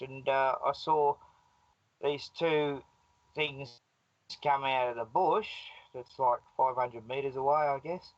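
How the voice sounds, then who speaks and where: A man's voice: a little high, no room sound, dull audio. Rambling Australian man on a call. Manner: rambling, laughing, digressive storyteller. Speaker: guest. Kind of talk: casual storytelling on a live stream call. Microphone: video call.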